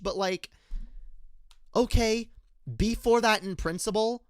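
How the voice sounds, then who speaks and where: A man's voice: high-pitched, steady tone, a little slow, pauses often, clear, resonant tone, dry recording, clean studio sound. Heated, profane young man ranting. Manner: heated, profane, rambling with restarts; argumentative, addresses viewers directly. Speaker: political commentator. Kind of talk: unscripted rant-style commentary.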